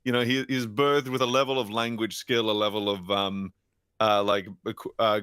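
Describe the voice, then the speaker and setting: Bright-voiced man in a dry close recording. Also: lowish voice, flat delivery, smooth, no echo. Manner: amused, halting restarts, bursts of laughter. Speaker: podcast guest. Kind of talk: casual film review chat.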